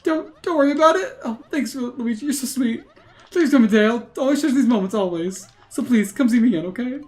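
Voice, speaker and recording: A woman's voice: fairly high pitch, lively intonation, quick pace, a little mellow, faint music behind, voice pushed up, natural voice. A woman voicing a frantic young female superfan who squeals and gushes breathlessly. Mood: sweet.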